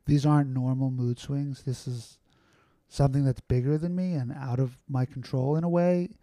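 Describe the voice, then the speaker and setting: A man chatting as a podcast guest, telling stories in a loose, rambling way full of fillers and restarts. His voice is very dark and mellow at a middling pitch. The sound is dry and close, with no room around it. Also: steady tone, normal speed, no echo. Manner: rambling, filler-heavy, candid. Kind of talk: casual conversational storytelling.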